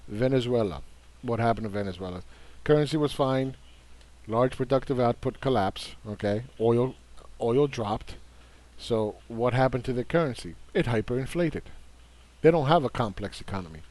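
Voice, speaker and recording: A man talks through a market overview with a combative, dismissive edge. His voice sits at an ordinary middle pitch. He leans on repeated words to drive his points home. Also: expressive, normal speed, darkish tone. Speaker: investing commentator. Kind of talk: casual market commentary.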